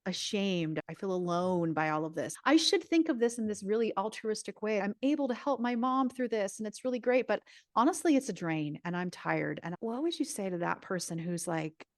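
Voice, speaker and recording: A woman hosting a podcast, asking questions in an earnest, gentle way. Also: medium pitch, animated, moderate pace, no echo, clean studio sound. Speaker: podcast host. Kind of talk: interview conversation.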